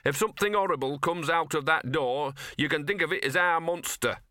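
A man voicing a scruffy, cynical talking street dog who speaks in gloomy, knowing, drawn-out tones. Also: fairly high pitch, bright, forceful tone, dry recording, clean studio sound, voice pushed up. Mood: offhand. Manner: gloomy, knowing, drawn-out working-class talk.

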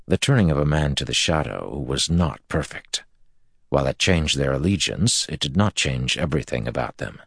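A man giving measured, scripted audiobook narration of a fantasy story. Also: rumbling low, animated, vocal fry, slightly rough, no room sound, studio quality.

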